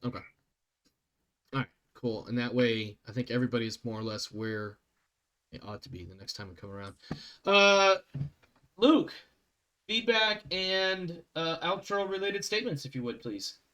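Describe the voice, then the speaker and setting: A man's voice: medium pitch, lively intonation, bright, forceful tone. A man running a tabletop game as game master, talking casually and laughing easily. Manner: casual, quick to laugh, explains rules loosely.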